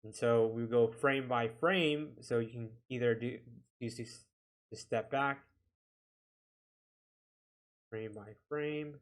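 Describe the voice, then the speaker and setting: This video editing instructor speaks slowly in a mid-range voice and pauses often. He's giving an easygoing software tutorial, chatting his way through every click and poking fun at himself.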